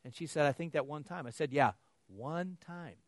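Male preacher, slightly high voice, animated anecdotal delivery with laughs, dry close recording. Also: normal speed, no echo. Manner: animated storytelling with laughs, acting out dialogue. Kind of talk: sermon.

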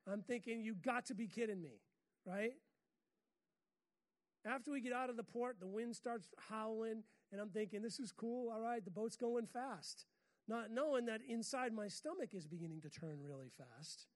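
A woman's voice: on the high side, normal speed, darkish tone. An American woman preaching a sermon in a chatty, humorous way, often laughing at her own stories. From United States.

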